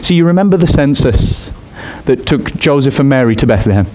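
A man preaching a sermon in an expressive way. He climbs high in pitch on his emphatic points. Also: fairly quick, slight background noise.

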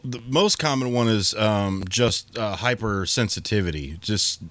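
A man's voice: mid-range voice, a bit bright, dry recording. A man co-hosting a sports talk show, telling stories in casual chat with frequent restarts and playful impressions. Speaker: co-host.

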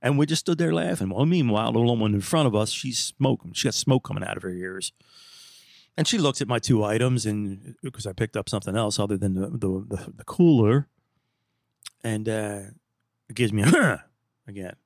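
A man's voice: fairly low pitch, lively intonation, moderate pace, gravelly, darkish tone, no room sound, studio quality. A man hosting a podcast, telling casual, rambling anecdotes in a laid-back, chatty way. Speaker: podcast host. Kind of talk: casual storytelling monologue.

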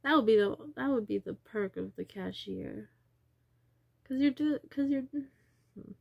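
A woman's voice: a little high, a little slow, vocal fry, no room sound, highs cut off. A woman talking in a rambling personal vlog, wandering from thought to thought and sometimes dropping into a whisper. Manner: wandering, trails off and drops into whispers. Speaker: vlogger.

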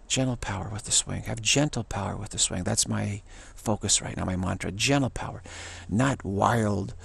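Gravelly-voiced man rambling casually. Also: lowish voice. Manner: loose and repetitive, restarts words, animated when excited.

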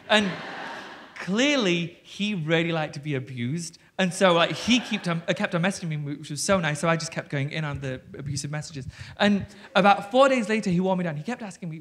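A bright, high-voiced man with an English Yorkshire accent, in his thirties. He tells stories with a cheeky, animated manner, full of ums and restarts. He speaks on a theatre stage in front of an audience. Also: brisk, slight background noise. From England. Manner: animated, cheeky storyteller with lots of fillers and swearing. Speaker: guest author. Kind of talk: live stage conversation.

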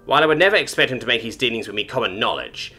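Haughty female alien broker, read by a man, disdainful, formal, bright tone, animated pitch. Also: racing, breathy edge, soft background music. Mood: cold, formal. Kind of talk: storybook reading.

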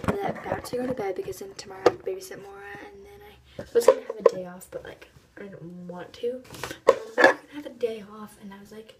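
A woman's voice: medium pitch, very noisy. A teenage girl vlogging at home at night. She rambles loosely, piles up fillers and drifts into half-whispers. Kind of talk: casual nighttime vlog.

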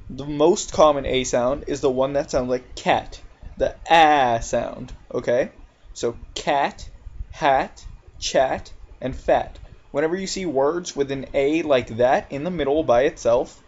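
A man gives an English pronunciation lesson at a very unhurried pace, stretching out each example word with care. The recording sounds a little dull and lo-fi. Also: medium pitch, a little mellow. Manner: slow, deliberate, drawn-out example words. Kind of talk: recorded video lecture.

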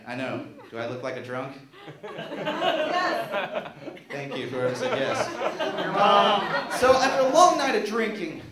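A young man doing a self-mocking stand-up comedy set on a small theater stage. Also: fairly high pitch. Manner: animated, self-mocking, jumps into silly voices. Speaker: stand-up comic. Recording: roomy stage sound.

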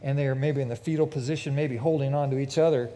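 A man's voice: mid-range voice, fairly even intonation, fast talker, warm tone. A man preaching a sermon in a large church with a mezzanine, telling a vivid, emphatic story to his congregation. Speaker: pastor. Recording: long reverb of a big church hall.

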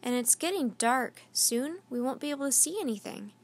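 A woman's voice: high voice, lively intonation, normal speed. A woman reading aloud and voicing a cautious, thoughtful young boy who speaks in a careful, matter-of-fact way.

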